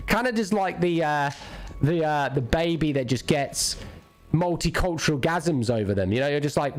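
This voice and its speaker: A man's voice: a little high, lively intonation, a little fast. A man streaming a game, ranting crudely and jokingly in a rambling, casual chat. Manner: rambling, crude, jokey rants.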